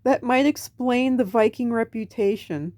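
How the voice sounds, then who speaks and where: American woman, vlog monologue, rambling and self-mocking, mellow voice, dry close sound. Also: fairly high pitch, measured pace, no echo. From United States. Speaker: vlogger. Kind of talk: casual late-night monologue to camera. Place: home at night.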